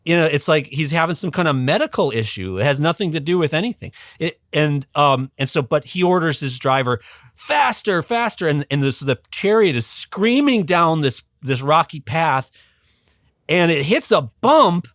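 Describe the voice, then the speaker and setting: Animated male storyteller with a dry sound. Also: fairly high pitch, normal speed, no echo. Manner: animated storyteller, frequent ums and restarts. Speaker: podcast guest, religious educator. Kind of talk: casual storytelling explanation.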